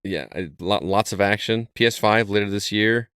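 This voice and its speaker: A man's voice: fairly low pitch, moderate pace, a bit bright, clear, resonant tone, dry recording, clean studio sound. A man co-hosting a gaming podcast, steering the casual chat in an easygoing way. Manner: easygoing, leads the talk. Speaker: podcast co-host.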